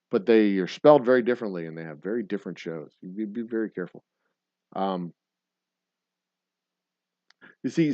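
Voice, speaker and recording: A man's voice: lowish voice, a little mellow, no echo. A man hosting a casual show, rambling through a profane story with many restarts. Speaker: host. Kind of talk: casual chat. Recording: slightly dull lo-fi audio.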